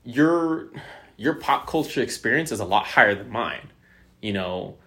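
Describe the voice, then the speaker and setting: A man's voice: on the low side, expressive, measured pace, a bit bright. A young man in casual chat who tells stories, acts out quoted lines, swears freely and uses lots of fillers.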